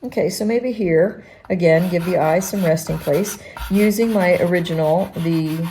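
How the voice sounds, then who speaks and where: A woman art teacher thinking aloud as she demonstrates painting, relaxed and halting, with restarts. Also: fairly low pitch, a little hiss or hum.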